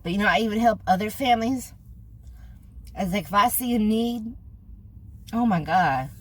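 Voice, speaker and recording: A woman's voice: mid-range voice, normal speed. An older woman with a Californian accent talking earnestly to camera in a vlog, slangy and emphatic, getting choked up. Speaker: food vlogger. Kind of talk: casual heartfelt talk to camera.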